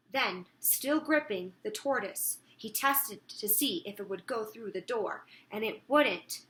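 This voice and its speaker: A woman reads a children's book aloud in an expressive, storytelling way. Her voice is high and bright, and it rises and falls as the story moves along. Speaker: teacher reading aloud.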